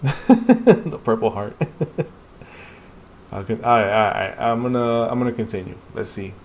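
A man hosting a casual read-along, excitedly reacting to a comic he loves. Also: fairly low pitch, normal speed. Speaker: podcast host reading a comic aloud.

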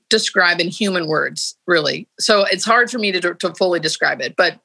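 A woman hospice nurse telling a personal story in an interview, earnest and halting with frequent restarts and fillers. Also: on the low side, creaky, pushed and bright.

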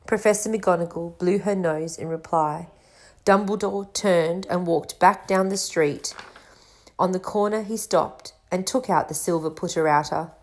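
Brief: woman storybook reader, lowish voice, measured and expressive. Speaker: audiobook reader. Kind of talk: storybook narration.

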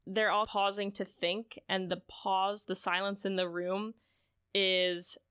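A podcast co-host chats about a book at a slow pace in a smooth, medium-pitched voice. She animatedly retells scenes, says "like" a lot, and acts out the characters' lines.

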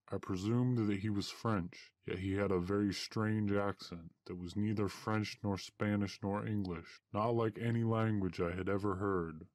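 Man, storybook narration, measured and old-fashioned, deep voice, dry close sound. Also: a little mellow, no room sound.

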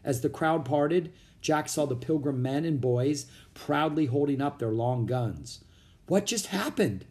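A man reading a children's book aloud as narrator, with expressive storytelling. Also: fairly high pitch, a little slow, hardly any pauses. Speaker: audiobook narrator.

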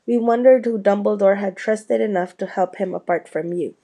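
A woman's voice: medium pitch, moderate pace, mellow, close to an everyday voice. A woman reading the part of a clever, earnest schoolgirl who speaks in a coaxing way.

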